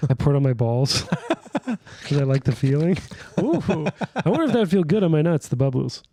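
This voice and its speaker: A man's voice: fairly high pitch, animated, normal speed, mellow, no echo. A young man co-hosting a podcast, teasing his co-host with crude jokes and frequent laughter. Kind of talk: casual podcast banter.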